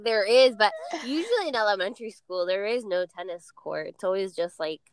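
A woman's voice: medium pitch, animated, a little fast. A young woman from Florida co-hosting a podcast, chatting casually, agreeing easily and laughing along. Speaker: podcast co-host. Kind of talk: casual chat.

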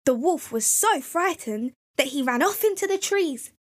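A woman reading a children's fairy tale aloud as storyteller, gentle and clear. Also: high voice, animated, normal speed.

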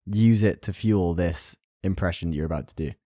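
A man hosting a casual gaming podcast, chummy and quick to hedge his guesses. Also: low-pitched, mellow, dry recording, studio quality. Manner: chummy, hedging speculation. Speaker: podcast host.

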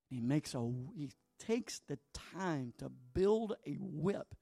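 A male pastor preaching a sermon in a dramatic way, dropping to hushed asides and then rising to emphatic lines. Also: on the high side, lively intonation, slow, hardly any pauses, no room sound, clean studio sound.

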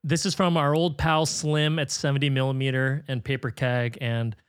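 A man's voice: medium pitch, level tone, moderate pace, clear, resonant tone, no echo, clean studio sound. A man hosting a film podcast, chatting casually and reading out listener emails, upbeat and laughing often. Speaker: podcast host.

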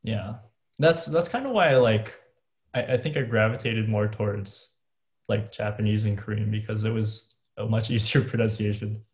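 A man hosting a podcast, talking in a relaxed, informal and chatty way. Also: lowish voice, moderate pace. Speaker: podcast host. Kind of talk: casual chat. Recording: roomy echo.

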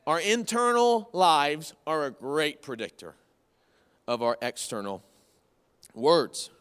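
A man's voice: fairly high pitch, takes it slowly, a bit bright, clear, resonant tone. A man in his thirties preaching a conversational sermon, folksy and repeating key phrases for emphasis. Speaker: pastor. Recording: long hall reverb from the room.

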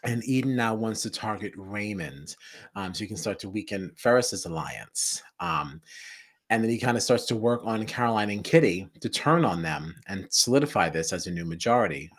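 A man co-hosting a podcast, animatedly recapping a reality show in casual chat, often laughing and acting out what people do. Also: low-pitched. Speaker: podcast co-host.

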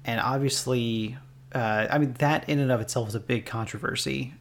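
A man co-hosting a relaxed podcast chat in an ordinary mid-range voice. He works through his thoughts in a hesitant, halting way. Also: medium pitch, slight background noise. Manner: hesitant, many fillers and restarts while thinking aloud. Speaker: podcast co-host. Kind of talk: casual podcast discussion.

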